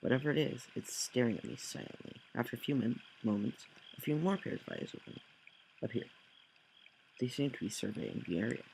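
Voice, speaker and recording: A man's voice: on the low side, vocal fry, a little mellow, a little hiss or hum, rough recording. A man reading a text game aloud, with slips, corrections and jokey asides. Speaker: let's play host.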